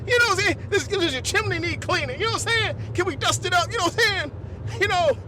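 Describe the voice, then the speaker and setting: A very high-pitched man with lively intonation hosts a comedy podcast, rambling quickly through his bits over a noisy background. He's repetitive, chuckles often, and keeps asking "you know what I'm saying" to check that you follow him.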